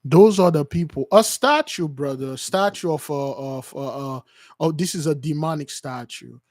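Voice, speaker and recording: A man's voice: a little high, moderate pace, darkish tone, no room sound, studio quality. A man preaching with passion, acting out quoted voices, with many fillers and restarts. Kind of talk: impassioned religious teaching.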